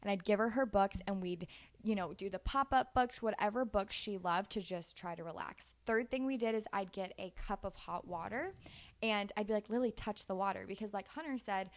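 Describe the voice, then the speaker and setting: A woman's voice: mid-range voice, moderate pace. Chatty young woman giving parenting tips. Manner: animated, chatty, laughs easily. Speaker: parenting vlogger. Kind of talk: casual advice chat.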